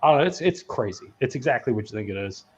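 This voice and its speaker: A man's voice: medium pitch, expressive, quick pace, background noise. A man hosting a podcast, chatting casually about movies, rambling and laughing as he swears freely. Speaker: podcast host. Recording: dull lo-fi sound.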